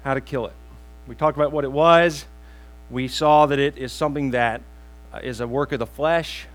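A man preaching a sermon, telling a joke with slow pauses and plain asides to the congregation. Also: medium pitch, steady tone, rough recording. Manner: storytelling with pauses, self-deprecating asides. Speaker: pastor.

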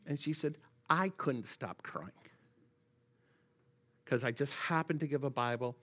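A man's voice: medium pitch, a little slow. A man speaking to a congregation, telling stories in a sermon and often repeating words as he goes. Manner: repeats words when excited. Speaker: church speaker for the Gideons. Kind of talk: sermon with storytelling.

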